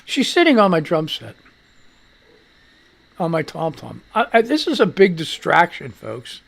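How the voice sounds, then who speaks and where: Animated male talk show host. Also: a little high, unhurried, gravelly. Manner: animated, swears freely, chats to his cat; reads news headlines aloud with commentary. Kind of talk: casual live talk show rambling.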